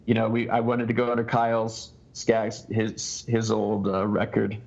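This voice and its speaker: A man being interviewed as an ultrarunner guest, telling a long story in halting bursts that keep restarting. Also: on the low side, completely flat delivery, gravelly, darkish tone, dull audio. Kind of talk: casual podcast interview.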